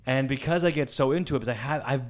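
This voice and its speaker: A young man casually telling a story on a podcast, animated and swearing freely, jumping up in pitch when excited. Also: very fast. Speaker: podcast co-host.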